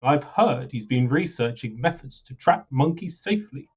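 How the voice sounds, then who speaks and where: A man reading the lines of a troubled male ruler in a game, earnest and measured. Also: medium pitch, expressive, darkish tone, breathy edge, dull audio. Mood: worried. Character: troubled male ruler worried for his citizens.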